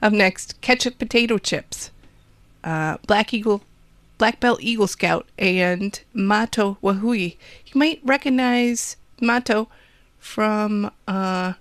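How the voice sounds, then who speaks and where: A woman's voice: mid-range voice, slow pace, no room sound. A woman with a Wisconsin accent hosting a college radio show, chatting casually with rambling, self-deprecating jokes.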